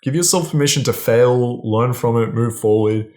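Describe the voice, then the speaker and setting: A man's voice: medium pitch, normal speed, darkish tone. A man giving casual, blunt dating advice straight to camera, swearing freely and often checking in with "right?". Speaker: dating coach.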